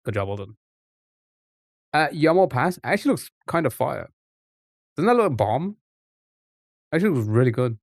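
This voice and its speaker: A man's voice: medium pitch, very animated, normal speed, long pauses, no echo, clean studio sound. Rambling, chatty male streamer. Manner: rambling, chatty, trips over words. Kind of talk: casual live-stream chat.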